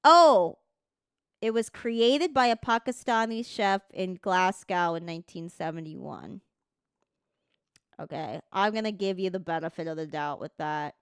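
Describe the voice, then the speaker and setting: Slow, smooth-voiced woman streamer. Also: on the low side, no echo, clean studio sound. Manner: casual, swears freely, stumbles while reading out text. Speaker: livestreamer. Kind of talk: casual livestream chat, reading aloud.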